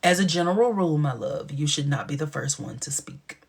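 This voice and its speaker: A man's voice: on the high side, a little fast, vocal fry, slightly rough. A man hosting a casual livestream, gossiping in a sassy way and often dropping into a whisper. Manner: sassy, gossipy retelling with sudden dips into whispers. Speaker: livestream host.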